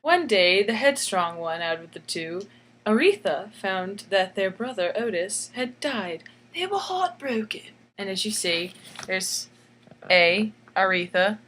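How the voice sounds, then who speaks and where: A woman's voice: medium pitch, animated, measured pace, a bit bright, slight background noise. Woman reading a jokey bedtime story. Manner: jokey, chatty asides, laughs at own jokes. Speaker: author reading her own picture book.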